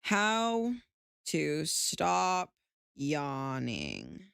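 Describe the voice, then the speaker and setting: A woman's voice: sits low, huge pitch swings, very slow, gravelly, a bit bright, smooth, dry recording, clean studio sound. A sleepy woman streaming from home, chatting casually, swearing freely and laughing often. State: sleepy, yawning. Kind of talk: casual chat.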